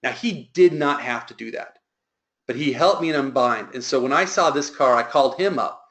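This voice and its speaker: A man's voice: mid-range voice, normal speed, fairly bright tone. Earnest man telling a motivational story. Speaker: sales trainer.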